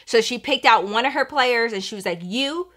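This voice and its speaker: A woman vlogger telling a casual story in an animated, chatty, profane way. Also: a little high, a little fast.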